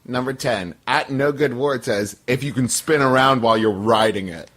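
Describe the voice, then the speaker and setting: A man's voice: medium pitch, normal speed, heavy background noise. A man co-hosting a comedic podcast, reading items from a magazine list with a dry delivery. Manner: deadpan list reading, breaks into laughter. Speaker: podcast co-host. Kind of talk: comedic podcast, reading listener submissions aloud.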